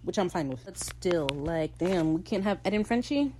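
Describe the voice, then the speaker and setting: A woman hosting a podcast, recapping a TV episode in casual, opinionated talk and slipping into quick character voices. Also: lowish voice, animated, dark tone, slight background noise, poor audio. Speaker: podcast host.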